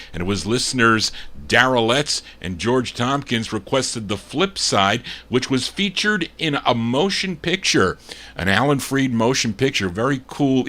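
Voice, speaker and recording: A man at a middle pitch hosts a live oldies show in an easygoing, conversational way. He wanders off into record-label trivia between spins, like a DJ talking to regular listeners. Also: a bit bright. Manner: chatty, digressive, full of record trivia. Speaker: oldies radio DJ. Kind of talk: live radio DJ patter.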